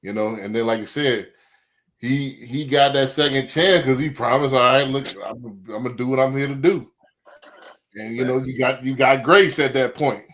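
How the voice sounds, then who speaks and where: Dude just chatting loose, lots of you know, mid voice. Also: male voice, mid-range voice, normal speed, a bit bright. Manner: loose and reflective, many fillers. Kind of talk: casual chat.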